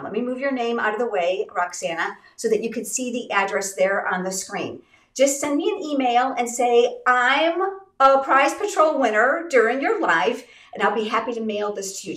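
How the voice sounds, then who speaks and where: A middle-aged woman from the United States hosting a craft livestream giveaway, upbeat and chatty, congested and a little raspy from illness. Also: fairly high pitch, a bit bright, reverberant, distant mic. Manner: upbeat, chatty, addresses viewers directly. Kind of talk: live-stream product giveaway chat.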